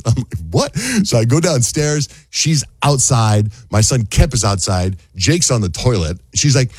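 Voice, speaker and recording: A middle-aged man hosting a radio show, telling a story in a casual, animated way and acting out the people in it. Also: normal speed, few pauses, breathy edge, dry recording. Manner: animated storyteller, acts out quotes in high voices.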